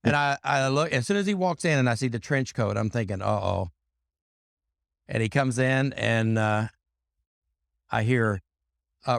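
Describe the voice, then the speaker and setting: A man's voice: mid-range voice, unhurried, vocal fry, long pauses, no room sound, studio quality. A man guesting on a podcast, telling loose, rambling anecdotes full of fillers and restarts. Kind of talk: casual storytelling.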